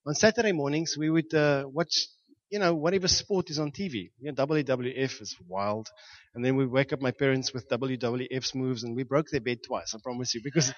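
A man from Johannesburg, preaching a storytelling sermon and acting out shouts and sound effects with frequent laughter. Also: mid-range voice, dull audio. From South Africa, Johannesburg.

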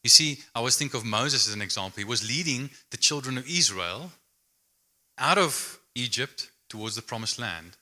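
A man's voice: medium pitch, lively intonation, normal speed, sharp tone. A man preaching a sermon in a conversational, emphatic way with light humor.

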